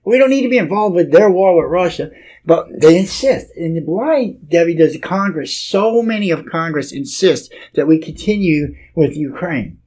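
A man's voice: fairly high pitch, lively intonation, normal speed, few pauses, a little mellow. A man hosting a casual political talk show, rambling and often repeating words as he starts a sentence.

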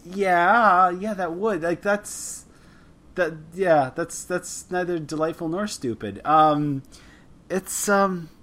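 Here the Canadian host of a film podcast speaks slowly in a high-pitched, somewhat bright voice. He chats loosely with his guest, rambling, running himself down, and frequently starting sentences over.

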